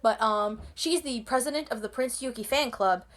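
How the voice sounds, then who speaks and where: Excitable, slightly high-voiced woman gushing. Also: moderate pace. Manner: gushing, rambling with restarts. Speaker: anime vlogger. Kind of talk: casual rant.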